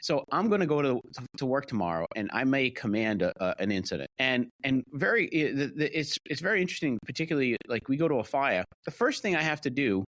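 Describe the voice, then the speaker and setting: Older fire-captain type with a Rhode Island–Massachusetts accent; loose, restart-heavy storytelling, dry and close. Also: male voice, mid-range voice, big pitch swings, fast, a bit bright, no room sound. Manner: rambling, many restarts and "you know". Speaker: guest, fire captain and author. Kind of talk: casual interview storytelling.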